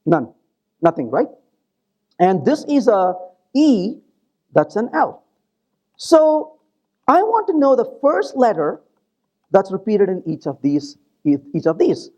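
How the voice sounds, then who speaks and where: Animated, joking male conference presenter. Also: high-pitched, slow pace, pauses often, highs cut off. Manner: animated, joking, keeps asking the audience "right?". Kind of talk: live technical conference talk.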